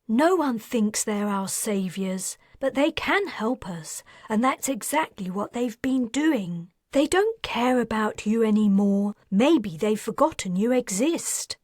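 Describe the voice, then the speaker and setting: Woman voicing an exasperated sharp-tongued doctor. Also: lively intonation, no echo, clean studio sound. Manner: high, exasperated, rapid retorts.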